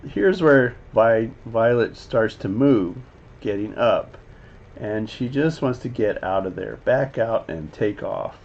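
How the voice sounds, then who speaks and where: A man casually breaking down an animated scene as a teacher, rambling with lots of fillers and now and then voicing the characters' lines. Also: on the low side, slow. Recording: slightly dull lo-fi audio with faint background noise.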